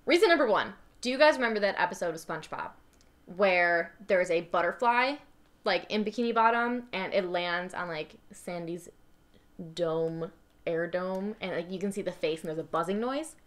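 A woman's voice: fairly low pitch, moderate pace. A young woman co-hosting a podcast in casual chat, playfully dramatic and chatty. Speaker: podcast co-host.

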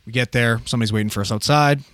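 A paramedic in his thirties tells a story in a loose, profane, animated way, jumping into the voices of the people he quotes. His voice sits at an ordinary middle pitch. The sound is close and dry, with no room echo. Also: rapid-fire. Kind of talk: casual storytelling.

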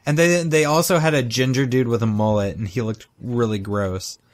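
A man's voice: medium pitch, steady tone, normal speed. A man co-hosting a podcast in casual chat, retelling cartoon scenes with jokes. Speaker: podcast co-host.

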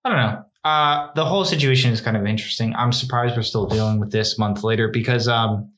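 A man's voice: medium pitch, fairly quick, fairly bright tone. A young man co-hosting a podcast, chatting casually and rambling with lots of "like" and restarts. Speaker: podcast co-host. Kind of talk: casual chat.

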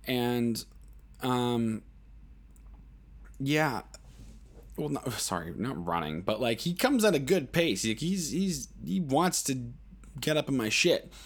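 A man's voice: medium pitch, animated, takes it slowly, long pauses. A man hosting a podcast, telling a rambling, profane story in a casual monologue, full of fillers and acted-out quotes. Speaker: podcast host.

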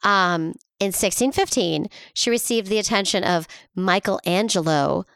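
A woman's voice: mid-range voice, unhurried, gravelly, fairly bright tone, clean tone, dry recording, clean studio sound. A woman co-hosting a podcast, casually retelling a history story with sarcastic asides. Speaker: podcast co-host.

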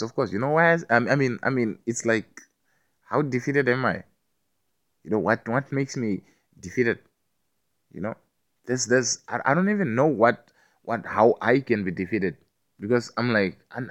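A man with a fairly low voice delivers a loose, rambling monologue. He stammers and repeats words, swears freely and keeps asking whether you understand him.

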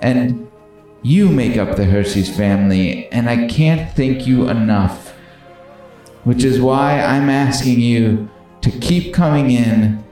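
A man's voice: mid-range voice, warm tone, lightly acted. A man playing a pompous male chocolate company boss, giving a stately rousing speech in a put-on old-fashioned British royal accent. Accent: old-fashioned British royal style, put on. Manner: grand, stately oratory. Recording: very echoey room, faint music.

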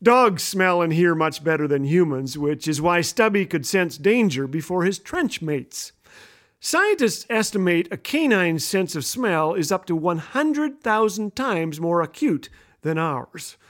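A man's voice: high voice, animated, a little slow, a bit bright. A middle-aged man hosting a humorous radio talk, telling stories playfully and laughing at his own jokes. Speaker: radio host. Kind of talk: humorous storytelling monologue.

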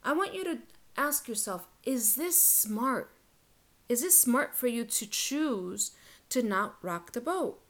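A woman's voice: on the high side, expressive, slow, fairly bright tone. A woman hosting a solo relationship podcast, talking in a blunt, casual, profane and emphatic way. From Latin American heritage. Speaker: podcast host, relationship coach.

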